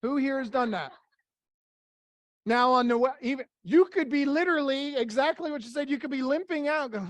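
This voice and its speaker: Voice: high-pitched, moderate pace, no echo. A workshop leader giving an interactive motivational talk, firing rhetorical questions at the group in a plain, blunt way with casual swearing.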